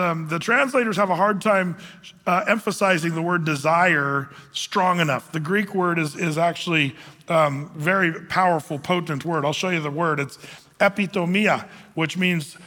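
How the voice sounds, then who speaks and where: Bright-voiced pastor man in a hall. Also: a little high. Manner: conversational, with frequent fillers and restarts. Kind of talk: verse-by-verse Bible teaching.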